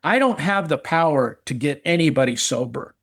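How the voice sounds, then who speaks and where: A man's voice: on the high side, lively intonation, normal speed, a bit bright. A middle-aged man telling a personal recovery story in casual chat, earnest, often repeating words and restarting. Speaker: recovery podcast guest.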